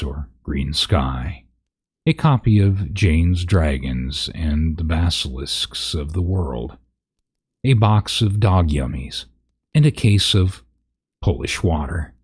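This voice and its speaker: A man's voice: rumbling low, a little mellow, slightly rough. A man reading a parody fantasy story aloud, breaking into laughs and profane asides.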